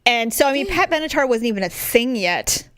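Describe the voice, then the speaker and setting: A woman in her forties chats casually on a podcast, recorded dry and close to the mic with no room sound. Her voice sits fairly high. She tells family stories with energy and slips into the voices of the people in them. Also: brisk, no room sound. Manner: animated storytelling, acting out family members. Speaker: podcast co-host. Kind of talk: casual chat.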